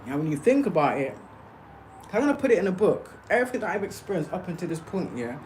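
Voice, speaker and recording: A woman's voice: fairly low pitch, big pitch swings, fast, a little mellow, a little hiss or hum, poor audio. A woman talking straight to her livestream viewers, emphatic and insistent, often checking in with "okay?" and "yeah?". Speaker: spiritual livestreamer. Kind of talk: casual livestream monologue.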